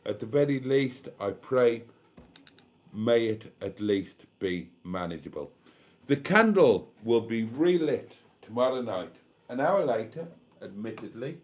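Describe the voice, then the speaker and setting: Weary man, slow and emotional. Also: medium pitch, lively intonation. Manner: slow, rambling, emotional, thanking viewers. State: tired and a little tipsy. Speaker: YouTube vlogger hosting a live stream. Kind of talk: casual late-night live stream chat.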